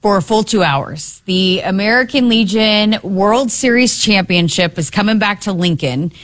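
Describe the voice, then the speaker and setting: A woman's voice: mid-range voice, animated, measured pace, no room sound, studio quality. Upbeat woman co-hosting sports radio. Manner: upbeat, laughs often. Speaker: radio show co-host. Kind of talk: casual sports radio chat.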